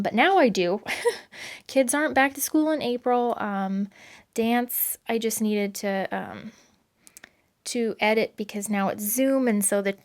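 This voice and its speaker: A woman talks through her planner setup at home in a loose, rambling chat. She fills pauses with "um" and "you know" and laughs now and then, and her voice sits in an ordinary middle pitch. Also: darkish tone. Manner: rambling, chatty, with fillers and laughs. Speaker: planner vlogger.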